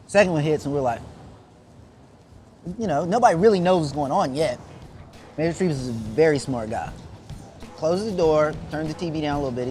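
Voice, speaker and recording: A man's voice: a little high, normal speed, pauses often. A man in his late thirties, a business owner and interview guest, chatting casually over a meal in an indoor food hall and calling people "man" a lot. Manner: relaxed, easygoing, says "man" often. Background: background music.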